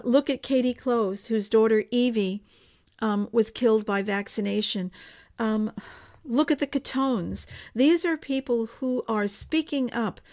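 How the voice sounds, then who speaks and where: A woman's voice: fairly high pitch, darkish tone. A woman speaking live to her viewers, giving an earnest, pleading appeal and repeating phrases for emphasis. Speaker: organization spokesperson hosting a live broadcast. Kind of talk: impassioned direct-to-camera appeal.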